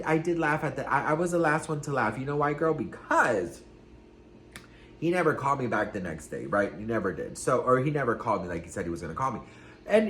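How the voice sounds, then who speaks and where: Sassy, animated gossip vlogger man. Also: medium pitch, slight background noise. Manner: sassy, dramatic, swears freely. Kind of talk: casual celebrity gossip vlog. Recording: roomy room echo.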